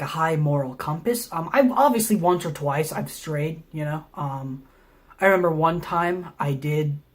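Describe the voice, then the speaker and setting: A young man from Tennessee, a film student, delivering a mock pitch video in a deadpan, rambling way, full of ums and restarts. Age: young adult.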